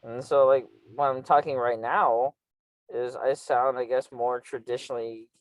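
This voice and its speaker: A man's voice: mid-range voice, fairly even intonation, normal speed. A man from Los Angeles with a mid-range voice, hosting a loose, casual conversation. He is blunt and jokey and swears freely. The sound is dry and close, with no room echo. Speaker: interviewer, channel host. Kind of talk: casual chat.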